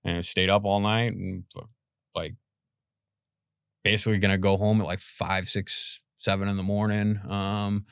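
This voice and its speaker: A man's voice: on the low side, level tone, a little slow, smooth, no room sound, clean studio sound. A man in his forties from Boston, a podcast guest telling a story in a rambling, casual way, full of "like" and "you know" and the odd swear word. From Boston, USA.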